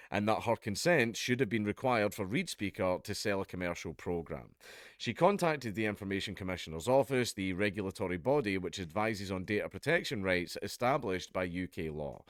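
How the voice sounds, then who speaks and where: A man's voice: on the low side, dry recording, studio quality. A man with a Scottish accent, chatting casually as he reads out and comments on a news article, swearing and laughing now and then. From Scotland. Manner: chatty, swears, laughs at his own jokes. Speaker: YouTube commentator.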